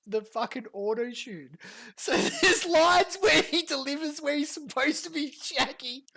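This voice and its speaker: Lady streamer ranting and mocking a clip, swears a lot, fairly high voice. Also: a bit bright, breathy edge. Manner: profane, fast mocking rants. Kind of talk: mocking reaction commentary.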